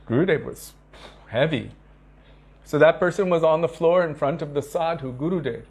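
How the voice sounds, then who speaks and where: A man giving an earnest devotional talk to disciples, telling stories with emphatic repetition and acting out quoted speech. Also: moderate pace. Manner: acts out quoted speech with sharp pitch shifts. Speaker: spiritual teacher.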